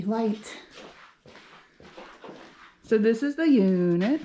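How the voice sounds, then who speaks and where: A woman chats her way through an empty indoor unit, recorded on a handheld phone. Her voice sits at a middle pitch with a soft, mellow tone. She sounds upbeat and talks as she thinks, with a faint hiss behind her. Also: lively intonation, slow, pauses often. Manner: chatty, upbeat, thinking aloud. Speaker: vlogger and game lounge owner. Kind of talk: casual walking tour.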